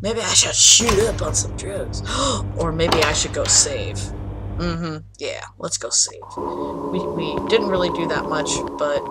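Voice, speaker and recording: A woman's voice: sits low, slow, heavy background noise. A woman commentating a horror game, jumpy and swearing when startled, rambling in chatty asides to her viewers. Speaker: gameplay video host.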